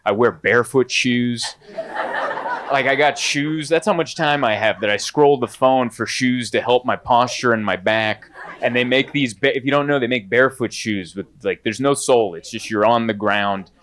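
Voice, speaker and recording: Animated stand-up comedian, audience laughter. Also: male voice, normal speed. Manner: animated, mimics other voices in high bursts. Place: comedy club stage.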